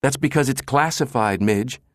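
A man's voice: medium pitch, normal speed, no echo, clean studio sound, pitched above the performer's own voice, close to an everyday voice. A man voicing a nervous, exasperated male office assistant who pleads in a flustered way.

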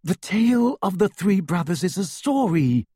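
A man's voice: on the high side, animated, moderate pace, a little mellow, breathy edge, dry recording, clean studio sound. A man reading aloud voices a clever, exasperated teenage girl witch with a firm, sarcastic manner. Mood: firm, sceptical.

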